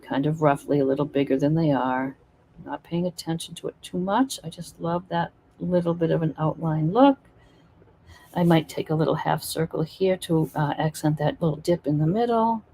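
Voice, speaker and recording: A woman's voice: fairly low pitch, mellow, breathy edge. A woman teaching acrylic painting in a live stream, chatting and encouraging while she works. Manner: chatty, encouraging, thinks aloud while working.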